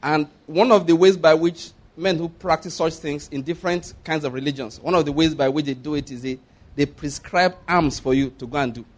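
A high-pitched man delivers a sermon. He presses his points hard and repeats them, and he often stops to ask whether the congregation is following him. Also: fairly even intonation, fairly quick. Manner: emphatic, repeats points and checks the audience follows. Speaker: preacher.

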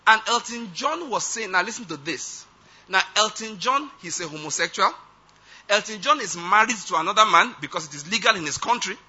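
A man's voice: high-pitched, expressive, fairly quick, pushed and bright, breathy edge. A man preaching a sermon, emphatic and often checking that his listeners follow. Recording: dull lo-fi recording.

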